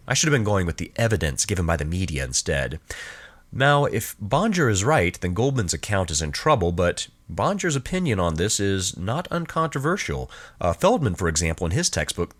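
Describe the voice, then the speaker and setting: Deep-voiced man giving a lively philosophy lecture. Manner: explanatory, rhetorical questions, stresses key words. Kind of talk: recorded lecture with slides.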